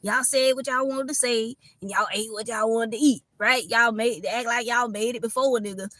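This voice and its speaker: A woman's voice: fairly high pitch, fairly even intonation, moderate pace, fairly bright tone, no room sound. A woman with a Southern accent that mixes Kentucky and Florida, giving a casual tarot reading and chatting with lots of laughter and swearing. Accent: Southern US, Kentucky mixed with Florida. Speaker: tarot reader.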